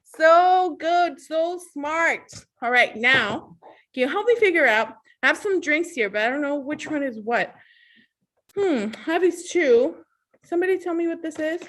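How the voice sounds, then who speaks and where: A woman's voice: sits high, lively intonation, normal speed, fairly bright tone. A woman leading an online children's storytime, cheerfully coaxing young kids through signs and a song and praising them over a video call.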